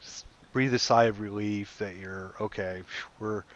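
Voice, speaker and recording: A man narrating a tabletop game as game master, relaxed and rambling, with many fillers. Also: fairly low pitch, normal speed, muffled recording.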